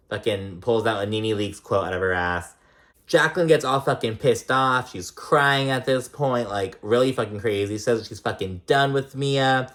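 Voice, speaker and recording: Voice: mid-range voice, moderate pace, a bit bright. A reality TV recap vlogger in casual commentary, rambling and swearing often, full of "like" and "um.".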